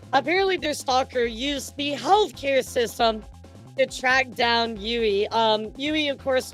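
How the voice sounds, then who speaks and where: A woman's voice: high-pitched, fairly bright tone. A woman streamer giving casual reaction commentary, chatting to her viewers. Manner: chatty, addresses chat directly. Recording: faint music behind. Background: faint music.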